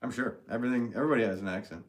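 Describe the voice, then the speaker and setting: A man with a New England accent hosts a casual livestream while working, talking rapid-fire in a medium-pitched voice. He reads viewer comments, jokes and laughs often.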